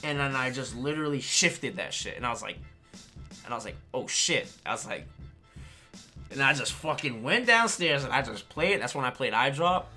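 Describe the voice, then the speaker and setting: A man chatting casually on a stream, telling a story in an animated way with slang and swearing and often checking in with his listeners. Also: medium pitch, normal speed, faint music behind. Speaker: streamer and fighting game player. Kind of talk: casual chat.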